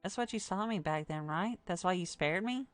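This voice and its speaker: A fervent, obsessive young woman, voiced by a woman streamer in a story game, speaking low and soft. Her voice sits a little lower than most women's. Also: expressive, moderate pace, dry recording, soft background music, natural voice.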